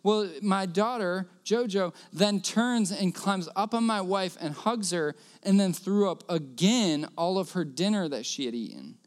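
High, smooth-voiced male preacher. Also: animated, unhurried, hardly any pauses. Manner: earnest storytelling, repeats key phrases. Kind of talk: sermon with personal story.

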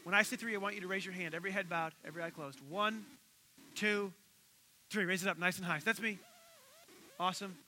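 A man preaching a sermon as pastor, telling stories with animated acted-out voices and leading an altar call. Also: sits high, fairly quick, pauses often, slight background noise, low-quality recording. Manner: animated storytelling, acting out quoted voices.

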